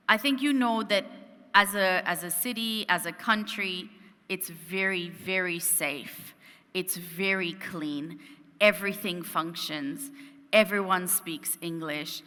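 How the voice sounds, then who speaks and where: Bright-voiced woman giving a keynote. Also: mid-range voice. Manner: animated storyteller, engaging the audience with questions. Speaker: keynote speaker. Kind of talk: keynote storytelling. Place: conference stage. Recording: long reverb in a conference hall.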